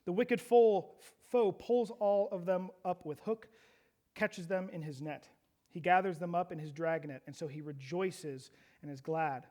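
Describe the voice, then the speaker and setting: A man with a high voice for a man preaches a sermon to his congregation. He asks them rhetorical questions and acts out quoted prayers, his intensity climbing as he goes. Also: measured pace, darkish tone. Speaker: pastor.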